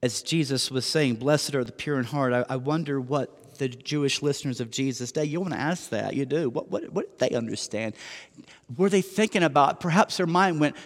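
A man's voice: medium pitch, animated, brisk. A man preaching a sermon as pastor, in a conversational, self-deprecating way with rhetorical questions. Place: church sanctuary. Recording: long church hall reverb.

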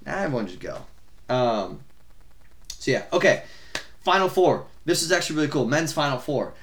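A young adult man co-hosting a podcast, chatting casually about sports in a rambling, swearing, animated way. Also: on the high side, normal speed, slight background noise. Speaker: podcast co-host.

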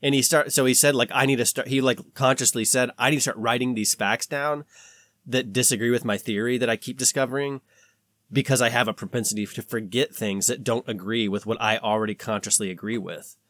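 A man's voice: mid-range voice, brisk, no echo, clean studio sound. A man co-hosting a podcast, talking casually and animatedly with lots of fillers. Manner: rambling, filler-heavy, animated. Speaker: podcast co-host. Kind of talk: casual conversation.

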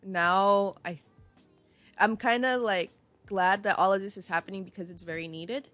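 A woman's voice: medium pitch, fairly even intonation, moderate pace, a bit bright, soft background music. A young woman chatting casually with friends, laid-back and slangy, with lots of fillers and swearing. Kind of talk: casual chat.

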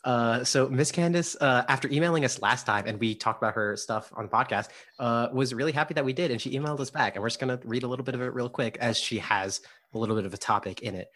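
A young man co-hosting a podcast in a casual, rambling way. He laughs often and stumbles over his words. His voice sits at an ordinary middle pitch. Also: fast, a bit bright. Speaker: podcast co-host.

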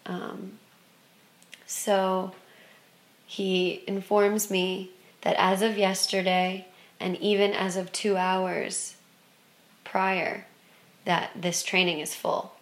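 A woman telling a personal spiritual story in an expressive way, moving from excited loudness to hushed softness. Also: mid-range voice, extremely slow, long pauses.

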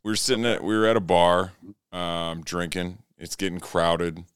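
A man's voice: low voice, steady tone, normal speed, clean tone, no echo, clean studio sound. A man co-hosting a casual podcast, telling a rambling, profane bar story with plenty of laughs. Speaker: podcast co-host.

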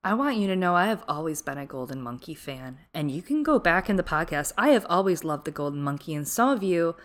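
Woman podcast co-host, low voice, emphatic casual recap chat. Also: brisk. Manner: emphatic, animated storytelling.

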